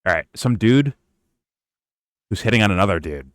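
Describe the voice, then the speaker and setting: A man's voice: fairly low pitch, lively intonation, normal speed, dry recording, clean studio sound. A man co-hosting a stream, reacting to a clip in casual, profane, joking trash talk.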